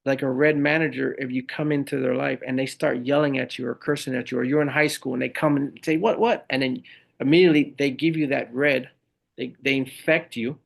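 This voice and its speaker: Gravelly man telling animated stories. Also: mid-range voice, fairly quick. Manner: animated storytelling, acts out quoted people. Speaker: podcast guest, leadership speaker. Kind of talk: casual interview talk.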